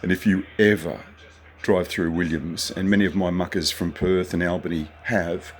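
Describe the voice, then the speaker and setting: A man's voice: deep voice, fairly even intonation, normal speed, slight background noise, low-quality recording. An older man telling stories in a chatty, rambling monologue from a motel room at night, sometimes swearing. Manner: chatty, anecdotal, occasionally profane. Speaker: vlogger.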